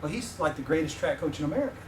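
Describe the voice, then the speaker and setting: The preacher's voice sits on the high side, expressive and very fast. The middle-aged visiting professor tells personal stories and banters with listeners during the sermon. The recording has slight background noise, with the mic distant in an echoey space.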